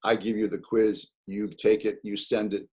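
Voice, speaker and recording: A man's voice: lowish voice, little pitch movement, moderate pace, mellow, slightly rough. A middle-aged man teaching a college English class over a video call, explaining points patiently with many fillers and repetitions. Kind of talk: online class lecture.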